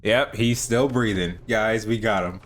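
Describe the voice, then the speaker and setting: A man's voice: fairly low pitch, measured pace, slight background noise. A man giving a sarcastic, exasperated comedic recap of a horror film, often laughing at it. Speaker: film reviewer. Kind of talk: comedic movie recap commentary.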